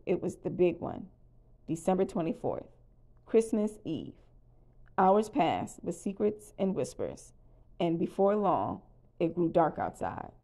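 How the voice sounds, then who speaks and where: A woman calmly narrating a children's storybook read-aloud. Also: fairly low pitch. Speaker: storybook reader.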